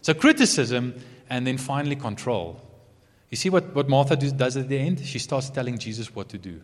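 A man giving an earnest sermon, moving between emphatic points and soft asides. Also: medium pitch, expressive, a little fast. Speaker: preacher. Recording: long hall reverb.

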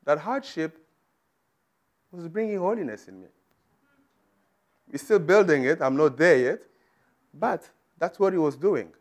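A man's voice: on the high side, unhurried, long pauses. Emphatic man preaching a sermon. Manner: emphatic, rising to loud declarations.

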